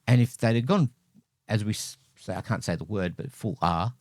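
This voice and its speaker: A man's voice: lowish voice, normal speed, a little mellow, no room sound, clean studio sound. A man co-hosting a podcast, chatting casually about a bad movie in a wry, rambling way that keeps correcting itself. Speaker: podcast co-host. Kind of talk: casual movie review chat.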